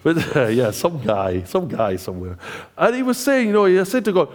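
In a church hall with noticeable reverb, a British man preaches a chatty, joking sermon, often putting questions to the congregation. His voice is fairly high and very animated, at a normal speed.

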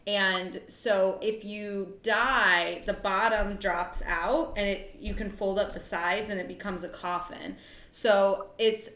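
A woman's voice: medium pitch, steady tone, takes it slowly, fairly bright tone. Chatty young woman in an echoey room. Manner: chatty, giggly, rambling. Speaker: podcast co-host. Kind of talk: casual chat.

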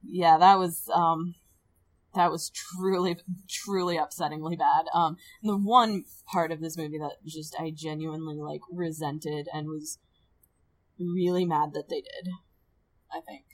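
A woman co-hosting a casual film podcast, her voice sitting a little low. She talks with animated swings, swears freely and now and then sinks into a quiet mutter. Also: measured pace, rough recording. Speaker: podcast co-host. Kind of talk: casual film review chat.

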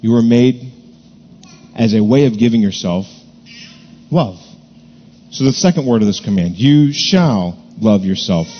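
A man preaching a sermon, earnest and deliberate, repeating key words to stress them. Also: mid-range voice, in a large hall, highs cut off, a little hiss or hum. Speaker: pastor.

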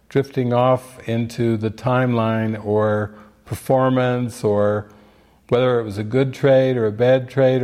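An older man telling stories in a relaxed spiritual talk. His voice sits in an ordinary middle pitch, and he slips into the voices of the people he quotes as he goes. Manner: storytelling, acts out quoted voices. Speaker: spiritual teacher giving movie commentary.

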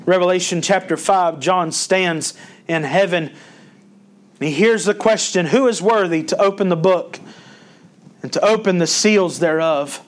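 A man's voice: high-pitched, measured pace. A male pastor preaching a sermon, folksy and storytelling, rising in emphasis when he quotes scripture.

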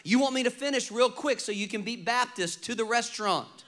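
A man about to turn fifty, preaching a lively, humorous sermon and calling on the congregation to respond. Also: very high-pitched, a little fast. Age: 40s. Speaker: pastor.

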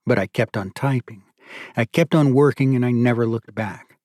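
Steady male audiobook narrator, dry sound. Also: mid-range voice, no echo. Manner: measured, steady storytelling.

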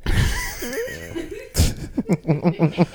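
A man's voice: extremely high pitch, wildly swooping pitch, very slow, a little mellow. Male podcast host, playful and teasing, casual banter. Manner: playful, teasing, laughs often. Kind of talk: casual chat.

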